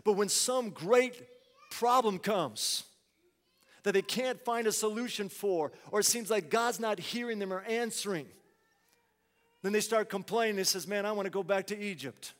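A man's voice: high-pitched, a little slow, fairly bright tone, long reverb tail. A man preaching a sermon, asking the congregation rhetorical questions and acting out people's complaints.

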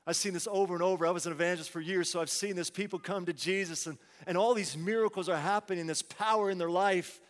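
A man's voice: sits high, steady tone, fast talker, few pauses, in a large hall. A man preaching a sermon, asking the congregation rhetorical questions and acting out people's complaints.

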